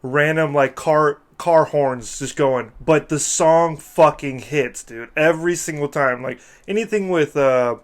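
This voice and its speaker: A man's voice: fairly high pitch, unhurried, hardly any pauses. Casual young man saying "dude" a lot. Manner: loose and profane, says "dude" a lot. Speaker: podcast co-host. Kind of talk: casual chat.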